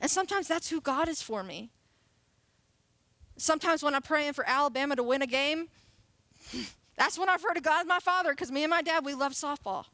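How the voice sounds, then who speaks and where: A woman's voice: sits high, a little fast, long pauses, pushed and bright, dry recording. A woman in her late twenties giving a casual, playful sermon as a youth pastor. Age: 20s. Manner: casual, chatty and playful, laughing often.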